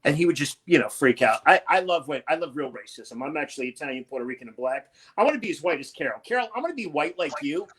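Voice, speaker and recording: Brash, animated comedian on a video call. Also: male voice, fairly high pitch, fast, hardly any pauses, husky. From Connecticut. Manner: loud, brash and profane, with sudden shouted bursts. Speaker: stand-up comedian. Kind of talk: stand-up comedy set over video call.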